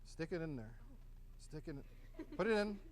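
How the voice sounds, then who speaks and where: First aid teacher guy, high voice for a man, chatty and encouraging, classroom demo. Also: lively intonation, normal speed, a little hiss or hum. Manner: casual, encouraging, conversational.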